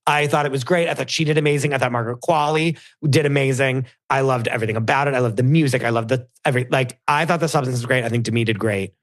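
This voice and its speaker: A man's voice: medium pitch, fast, few pauses. A man guest on a podcast, gushing in casual chat with lots of "like" and dramatic retelling.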